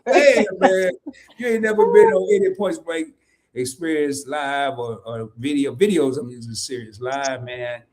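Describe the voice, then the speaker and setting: A middle-aged man hosting a casual live stream, talking in a playful, animated way and laughing often. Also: medium pitch, moderate pace. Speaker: host.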